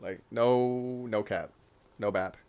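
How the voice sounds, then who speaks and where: A man's voice: on the low side, slow, a little mellow, clear, resonant tone. A young man in his late teens vlogging casually, rambling and joking at his own expense. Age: young adult. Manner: rambling, self-deprecating, joking. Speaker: YouTuber.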